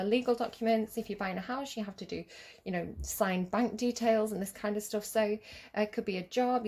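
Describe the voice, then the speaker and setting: A woman's voice: medium pitch, darkish tone. Giggly, rambling woman. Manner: chatty, giggly, rambling with many fillers. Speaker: tarot reader. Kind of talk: casual tarot reading.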